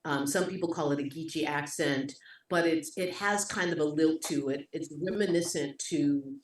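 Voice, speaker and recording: A woman with a New York accent, a guest actor, telling stories on a video call in a lively, expressive way. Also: deep voice, moderate pace. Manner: lively, expressive, voice jumps up in animated moments. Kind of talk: conversational storytelling. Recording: echoey room, distant from mic.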